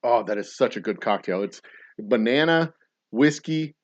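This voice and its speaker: A playful man chats casually as he mixes a drink, rambling into far-fetched stories that he tells with a straight face. His voice sits at a middle pitch, and the recording sounds a little dull. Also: animated, normal speed. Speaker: podcast host and distiller. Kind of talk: casual chat while mixing a cocktail.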